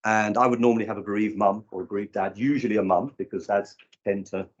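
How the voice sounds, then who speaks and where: Male speaker in his fifties, husky, acts out voices in his stories; lo-fi sound. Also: lowish voice, fast talker. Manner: animated storyteller acting out quoted people. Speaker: conference speaker. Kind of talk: live breakout session talk. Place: conference room.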